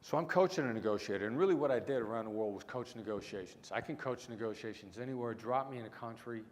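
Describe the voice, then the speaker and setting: A middle-aged man with a mix of small-town Midwestern and New York City accent, giving a punchy keynote with dramatic pauses. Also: mid-range voice. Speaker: keynote speaker, negotiation expert. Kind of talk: conference keynote storytelling. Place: large lecture hall. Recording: hall reverb, faint room noise.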